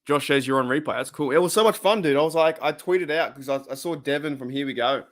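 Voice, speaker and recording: A man's voice: fairly high pitch, fast, fairly bright tone. An Australian man in his thirties hosting a fan livestream, chatting casually with viewers in a rambling, laid-back way and repeating himself often. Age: 30s.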